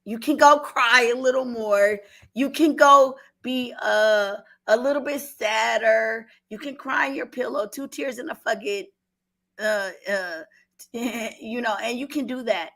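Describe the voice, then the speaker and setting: A middle-aged woman from Oakland, California, speaks unhurriedly in a slightly high, fairly bright voice with an Oakland accent. Her earnest personal story on a call-in show is emotional testimony; she repeats herself and fights back tears.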